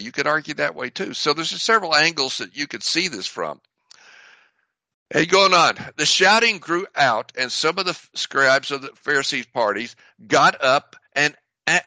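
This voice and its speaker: A man teaching a verse-by-verse Bible study. He talks conversationally and pauses to explain the meaning of Greek words. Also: on the high side, sharp tone, no room sound, low-quality recording. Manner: conversational, with fillers and restarts.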